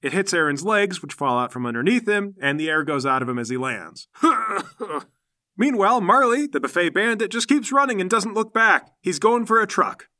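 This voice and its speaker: A man running a tabletop game, narrating with lively sound effects. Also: sits high, a little fast, few pauses. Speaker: game master.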